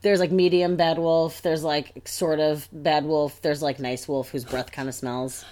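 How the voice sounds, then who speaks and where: Low-voiced woman casually retelling a tale. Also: level tone, a little slow, a little mellow. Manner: laid-back, joking, reads story lines aloud. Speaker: podcast co-host.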